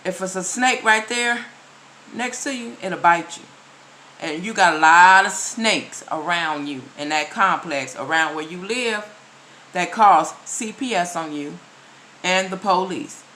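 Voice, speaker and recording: With an unhurried pace and a voice on the low side, a woman vlogger speaks straight to viewers in casual commentary, emphatically lecturing and restating her main points. Her tone is bright and forceful, though the recording is rough.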